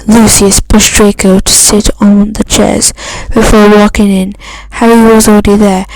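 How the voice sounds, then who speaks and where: A woman's voice: mid-range voice, level tone, a little mellow, no echo, low-quality recording. A woman reading a fan story aloud, stumbling and restarting often. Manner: halting reading with frequent restarts. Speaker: fan fiction reader.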